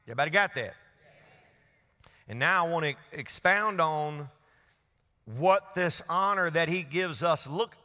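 A pastor with a slightly high, sharp-toned voice preaches a sermon in a church hall, leading his congregation in call-and-response. Long church reverb hangs on the recording.

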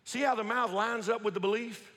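A man's voice: high-pitched, fairly even intonation, a bit bright. A man preaching a sermon in a church, emphatic and repetitive, firing rhetorical questions and leading the congregation to repeat lines after him. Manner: emphatic, repetitive, leads the congregation in call-and-response; quick rhetorical questions and restarts. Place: church sanctuary. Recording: reverberant church hall.

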